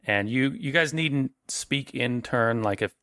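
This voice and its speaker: A man's voice: medium pitch, unhurried, pushed and bright, dry recording, clean studio sound. A man narrating as game master for a tabletop horror game, casual and rephrasing as he goes. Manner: conversational, restarts and rephrases.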